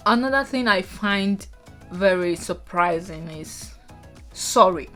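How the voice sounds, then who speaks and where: A Nigerian woman vlogging casually, chatting to viewers with animated asides. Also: medium pitch, takes it slowly, faint music behind. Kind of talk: casual talking-head vlog.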